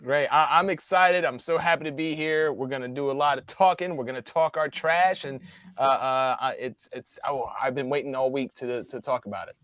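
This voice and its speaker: A man co-hosting a casual panel chat, excited and stumbling over his words. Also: mid-range voice, moderate pace, no echo. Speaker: co-host.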